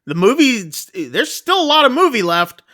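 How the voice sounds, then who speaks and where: A man casually retelling a film's plot on a podcast, chatty and loose, with quick asides. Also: very high voice, big pitch swings, sharp tone, dry recording, studio quality. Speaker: podcast co-host. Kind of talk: casual movie recap chat.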